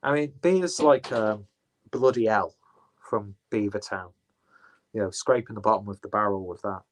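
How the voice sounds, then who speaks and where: A man's voice: fairly low pitch, normal speed. A man chatting casually through an unboxing, rambling, swearing and correcting himself as he goes. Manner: rambling, profane, self-correcting. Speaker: beer reviewer.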